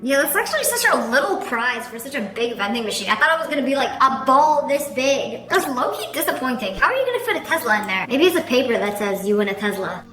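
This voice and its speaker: A high, bright-voiced woman chats her way through viral clips, quick with a sarcastic quip. She sounds like she is in an echoey room, with faint music playing underneath. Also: very animated. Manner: chatty and playfully sarcastic. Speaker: reaction video host. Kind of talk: casual reaction commentary.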